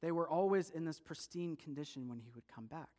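A man with a high-pitched voice telling a story to a live audience. He speaks in a lively way, asking his listeners to follow along. His delivery swings between hushed and bright. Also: a little fast. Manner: lively, talks straight to listeners.

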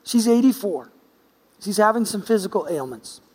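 A man's voice: high-pitched, animated, moderate pace, a little mellow, husky. A man preaching a sermon in a church sanctuary, telling a story in a playful, chatty way. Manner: playful, chatty, with quoted dialogue. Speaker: pastor. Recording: long church-hall reverb.

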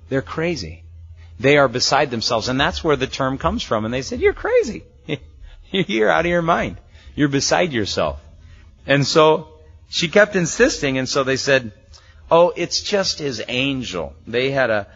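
A pastor with a husky, medium-pitched voice and a slightly bright tone teaches verse by verse through a Bible passage. He talks conversationally, frequently chuckles, and acts out the characters' quoted lines, on a recording that sounds muffled and lo-fi.

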